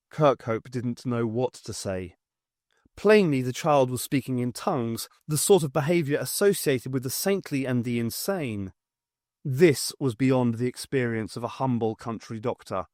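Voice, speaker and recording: A man narrating an unofficial audiobook in an expressive storytelling manner. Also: mid-range voice, unhurried, dry recording, clean studio sound. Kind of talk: scripted narration.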